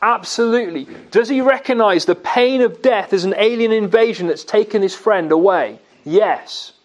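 High-voiced man preaching a sermon. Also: lo-fi sound. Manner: asks questions and answers them himself; slow, emphatic delivery on key words.

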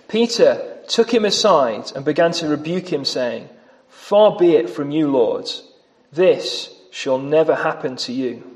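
Man, sermon, emphatic delivery, slightly high voice, long hall reverb. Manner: emphatic, varies pace and loudness for stress. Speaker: preacher.

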